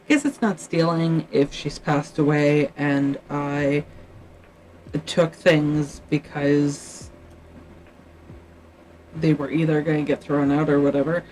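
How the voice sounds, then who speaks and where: A woman's voice: sits low, flat delivery, takes it slowly, long pauses, a little mellow, slight background noise, low-quality recording. A Canadian woman chatting casually on her livestream, musing aloud and often trailing off mid-thought.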